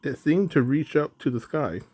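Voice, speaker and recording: A man narrating a children's storybook in a slow, even reading. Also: on the high side, breathy edge.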